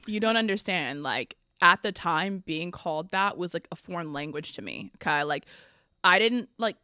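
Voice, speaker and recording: A young woman hosting a podcast, telling funny stories from her life in a chatty, animated way, often laughing. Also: on the low side, clean tone, dry recording, studio quality. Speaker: podcast host. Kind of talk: casual storytelling.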